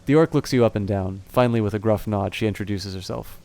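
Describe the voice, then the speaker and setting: A man's voice: lowish voice, fast, a little mellow. A man, chatting to his stream viewers and reading a game aloud, rambling and apologetic with many restarts. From Canada.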